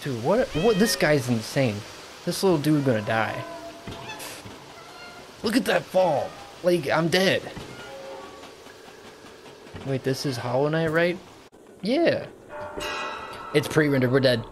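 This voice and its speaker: A man streaming a video game live, chatting casually and reacting excitedly with gasps and laughs. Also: on the high side, unhurried, pauses often. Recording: game music under the voice. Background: game music clearly audible.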